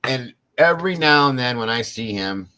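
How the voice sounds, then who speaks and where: A man's voice: mid-range voice, animated, moderate pace, pushed and bright. A man hosting a show, telling a story in a casual, chatty way, laughing now and then and swearing freely. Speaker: host.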